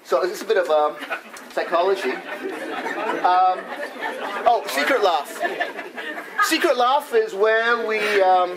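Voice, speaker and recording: A playful man with a high voice leads a laughter workshop, stopping to laugh as he shows each exercise. He is recorded from far across an echoey conference room, with a crowd murmuring and steady noise underneath. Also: slow pace, long pauses. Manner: playful, breaks into demonstration laughs. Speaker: laughter club leader.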